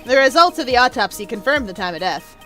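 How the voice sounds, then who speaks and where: A woman's voice: on the high side, sing-song, fast talker, pushed and bright, soft background music, pitched below the performer's own voice. A woman voicing a nerdy, deferential male detective. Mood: earnest. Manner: nerdy, deferential, says sir a lot. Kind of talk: video game voice-acting.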